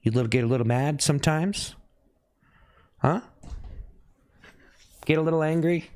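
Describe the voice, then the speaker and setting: A man live streaming who teases his chat with repeated needling questions and breaks into sudden high yelps. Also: moderate pace, pauses often, a little mellow. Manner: teasing, repetitive needling questions.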